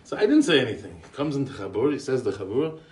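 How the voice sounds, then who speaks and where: With big pitch swings and a fast delivery, an American man's medium-pitched, darkish voice carries a eulogy told as a chatty chain of anecdotes. Yiddish and Hebrew yeshiva terms run throughout his English. He rambles, restarts, and chuckles, recorded roomy on a distant mic.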